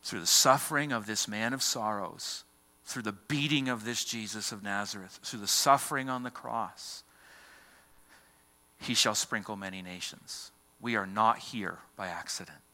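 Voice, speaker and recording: A male pastor preaches with a fairly low voice and a forceful, bright edge. His delivery is dramatic, with swings between ringing emphasis and hushed near-whispers. He is speaking in a church. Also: normal speed. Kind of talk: sermon.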